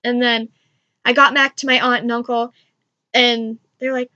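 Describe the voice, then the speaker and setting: A young woman vlogger tells a story in a gushing, rambling flow, scattering "like" through every sentence. Her voice sits fairly high and sounds bright and forward. The recording is dull and lo-fi, with a dry close sound. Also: level tone, a little slow. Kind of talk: casual storytelling to camera.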